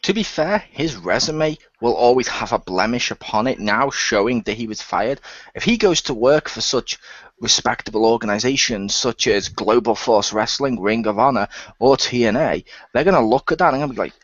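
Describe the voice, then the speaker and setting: A man co-hosting a casual wrestling chat, talking in a sarcastic, animated way. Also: mid-range voice, moderate pace, no echo. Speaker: podcast co-host. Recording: dull dry lo-fi audio.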